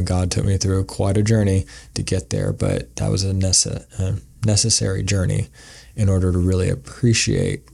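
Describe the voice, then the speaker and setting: His voice low, gravelly and dark, a male podcast guest rambles through a casual story, acting out what people said.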